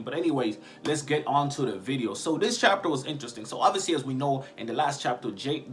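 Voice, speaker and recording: A man giving a casual video review of a webtoon chapter, talking in heavy slang and often asking "you know what I'm saying". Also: mid-range voice.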